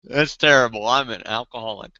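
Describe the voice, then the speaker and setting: Man, casual chat host, joking and swearing, very bright clear voice, dry dull recording. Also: mid-range voice, brisk, dry recording. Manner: joking, swearing, laughs often. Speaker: channel host.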